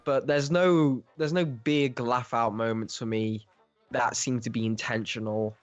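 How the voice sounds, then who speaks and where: A man's voice: mid-range voice, fairly even intonation, unhurried, no room sound. A man co-hosting a podcast, chatting casually about a film, rambling and laughing often. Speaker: podcast co-host. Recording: dry, slightly dull podcast audio.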